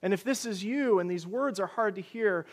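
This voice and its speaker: A man preaching a sermon as pastor, earnest and pleading, asking one rhetorical question after another and sharing gentle personal stories. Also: high voice, moderate pace.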